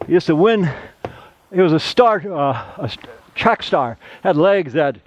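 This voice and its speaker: A man's voice: a little high, lively intonation, measured pace. A middle-aged man, a plasterer, giving a casual how-to demonstration, chatty and rambling into side stories.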